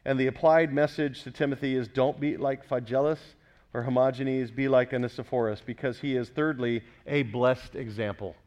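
A man's voice: medium pitch, fairly even intonation, normal speed, darkish tone. A man preaching a sermon with emphasis, often putting questions to the congregation. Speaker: pastor.

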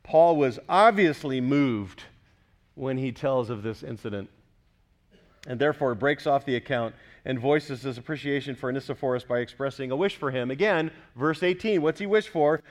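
A male pastor delivering a sermon in a somewhat high voice. He preaches with emphasis and keeps asking his listeners questions. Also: expressive, moderate pace. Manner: emphatic, questions the congregation often.

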